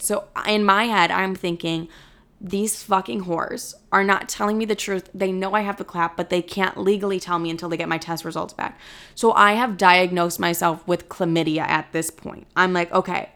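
A young woman telling a personal story in a blunt, profane, animated way, acting out both sides of conversations. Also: medium pitch. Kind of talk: casual storytelling monologue.

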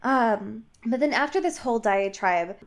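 A woman co-hosting a casual chat podcast, retelling a book with laughter and quick voices for the characters. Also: fairly high pitch, expressive. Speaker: podcast co-host recapping a book.

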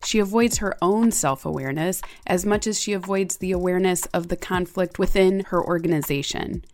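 Woman narrator, analytical scripted commentary, lowish voice. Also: darkish tone. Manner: measured, analytical.

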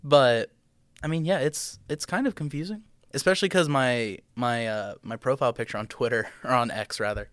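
A young American man co-hosts a laid-back political podcast, joking around and rambling with plenty of filler words. His voice is smooth and resonant. The sound is dry and close, with no room echo. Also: medium pitch, normal speed, a bit bright. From United States. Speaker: podcast co-host. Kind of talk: casual political podcast chat.

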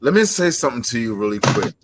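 A pro wrestler cutting an intense, rhythmic wrestling promo, threatening and deliberate. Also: male voice, mid-range voice, sing-song, noisy background.

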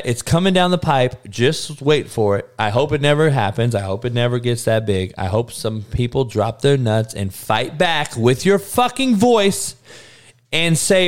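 A man ranting casually to his viewers, heated and profane, with slangy talk and stuttered restarts, dropping to low mutters and then bursting out loud. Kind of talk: casual profane rant to camera.

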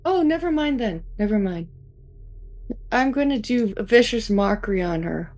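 A woman playing a tabletop role-playing game, lively and playful. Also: medium pitch, moderate pace. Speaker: player.

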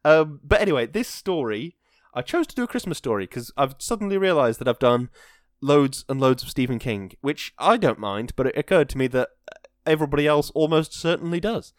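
A man's voice: fairly high pitch, fairly quick, dry recording. Chatty man, dry close mic. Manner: chatty and self-deprecating, with bursts of excitement. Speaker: podcast host. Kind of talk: rambling casual chat, then reading a story aloud.

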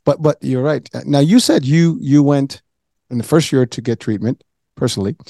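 A man hosting an interview in a gravelly, mellow voice, recorded dry and close. His questions ramble, and he restarts and rephrases them several times. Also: medium pitch, normal speed, dry recording. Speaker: interviewer, host. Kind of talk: conversational interview.

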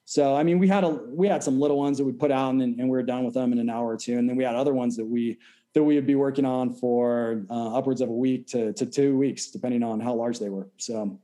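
A man in his thirties from California, a podcast guest talking in a measured, explanatory way and trailing off at the ends of sentences. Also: mid-range voice, fairly even intonation, dark tone. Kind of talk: casual interview chat.

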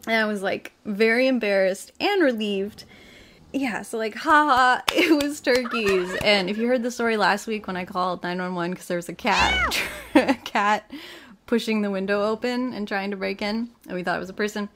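A young woman hosting a podcast, telling a story in a casual, animated way, often laughing and acting out the people she quotes. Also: medium pitch, normal speed, a little hiss or hum.

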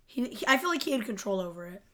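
A woman's voice: mid-range voice, big pitch swings, racing, a bit bright. A young adult woman co-hosting a casual podcast chat, arguing her point insistently. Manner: insistent and argumentative. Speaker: podcast co-host.

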